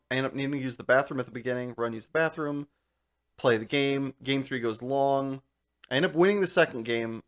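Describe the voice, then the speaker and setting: A young man co-hosting a podcast, telling a long story in casual chat, animated and laughing as he goes. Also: mid-range voice. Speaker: podcast co-host.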